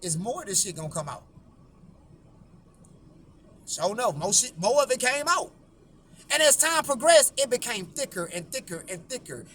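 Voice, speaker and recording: Bright, high-voiced profane man storytelling. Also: big pitch swings, moderate pace, long pauses, slight background noise. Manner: blunt, profane, repeats himself. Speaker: YouTube host.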